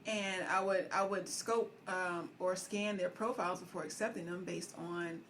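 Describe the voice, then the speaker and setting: A woman's voice: on the low side, fairly even intonation, moderate pace, a bit bright, a little hiss or hum. A woman co-hosting a podcast, talking candidly and frankly in casual conversation. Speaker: podcast co-host. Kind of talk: casual chat.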